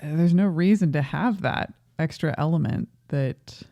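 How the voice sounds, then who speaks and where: A woman's voice: low voice, lively intonation, moderate pace, gravelly, mellow, dry recording. A woman co-hosting a movie review podcast in casual chat, opinionated and questioning, laughing often. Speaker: podcast co-host.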